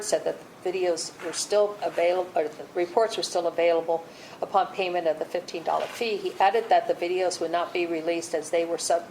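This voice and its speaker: Low-voiced woman presenting a legal case. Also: a little hiss or hum, rough recording. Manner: steady, procedural, with fillers and restarts. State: losing her voice. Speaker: board staff presenting cases. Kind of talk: reading a case report at a public board meeting.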